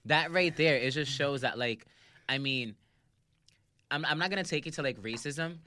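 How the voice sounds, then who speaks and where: Young male co-host, bright voice, dry close mic, supportive and quick to agree. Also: medium pitch, no room sound. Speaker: podcast co-host. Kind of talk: casual chat.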